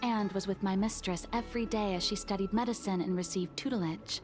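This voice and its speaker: A woman's voice: mid-range voice, brisk, over music, close to an everyday voice. An actress playing a formal, devoted maid who worries for her young mistress, speaking in earnest, pleading game dialogue. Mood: worried pleading.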